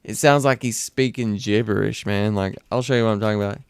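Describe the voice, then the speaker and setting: Young guy streamer, loose and profane, smooth voice, dry close sound. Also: fairly low pitch, steady tone, brisk, no room sound. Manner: rambling and profane, many restarts. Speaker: streamer reacting to clips. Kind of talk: casual reaction stream.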